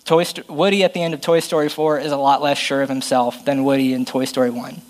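A man's voice: medium pitch, steady tone, fast, poor audio. A man preaching a conversational, self-deprecating sermon and reading Bible passages aloud.

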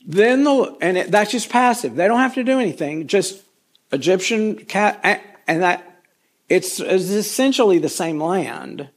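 A man's voice: high voice, lively intonation, unhurried. A man teaching a casual Bible study, folksy and rambling with chatty asides.

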